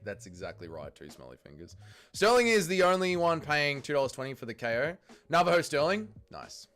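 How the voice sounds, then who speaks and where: Australian man, young adult, livestream host, sweary casual chat, lively pitch. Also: a little fast. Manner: reads chat aloud, swears, yells at fights. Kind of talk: casual watch-along chat.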